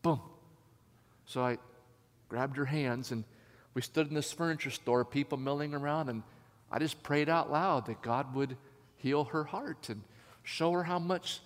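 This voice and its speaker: A man preaching a sermon as a lively story, acting out the people in it. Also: on the high side, a little slow, long pauses. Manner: animated, acts out voices. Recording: long hall reverb.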